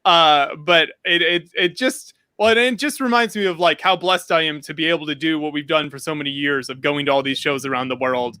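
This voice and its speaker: An American man with a high, bright voice hosting a relaxed online chat. His sound is dry and close, and he stumbles into his sentences with easygoing fillers. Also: brisk, hardly any pauses, clear, resonant tone, no echo. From United States. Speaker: show host. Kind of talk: casual video call chat.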